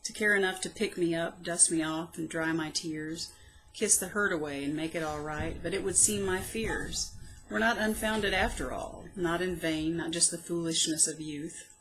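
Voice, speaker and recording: A woman reading her own poems aloud, soft, slow and reflective, with plain spoken asides between them. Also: lowish voice, slight background noise, poor audio. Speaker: poetry reader.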